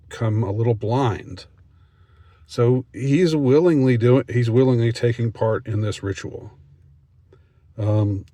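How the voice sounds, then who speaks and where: A man reading a news story aloud and commenting on it, halting with many restarts and mocking asides. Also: fairly low pitch, dark tone.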